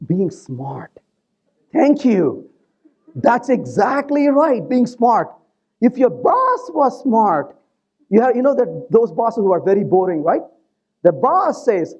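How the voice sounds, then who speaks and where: A man giving a live technical conference talk, animated and joking, who keeps turning to the audience with quick questions. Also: high-pitched, lo-fi sound. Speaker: conference presenter.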